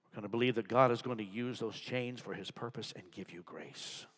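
A man preaching a sermon to a congregation, dropping to hushed whispers and rising to loud, emphatic passages. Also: lowish voice, a little fast, husky. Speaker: pastor. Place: large church with balcony. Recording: long hall reverb.

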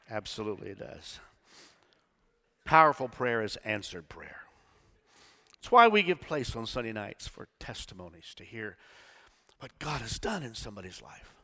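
A male pastor preaching a sermon, swinging between quiet talk and shouted call-and-response. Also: fairly low pitch, sing-song, moderate pace, pauses often. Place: church sanctuary. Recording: church hall reverb.

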